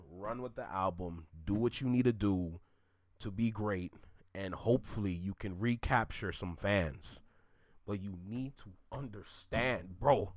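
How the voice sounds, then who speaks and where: A man's voice: fairly low pitch, a bit bright, no room sound, studio quality. A man from Canada hosting a reaction video, ranting bluntly in casual commentary and laughing often.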